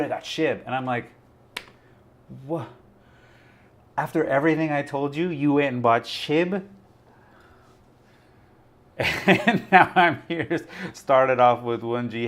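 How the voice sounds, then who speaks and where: A man hosting a crypto live stream, talking in a rambling, chatty way full of fillers. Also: mid-range voice. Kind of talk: casual live-stream chat.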